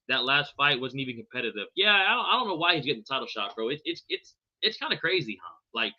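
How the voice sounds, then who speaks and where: A man's voice: fairly high pitch, sharp tone, lo-fi sound. A man hosting a live podcast, answering viewer chat in a loose, profane way and calling everyone bro and brother. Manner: fumbles unfamiliar names. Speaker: podcast host.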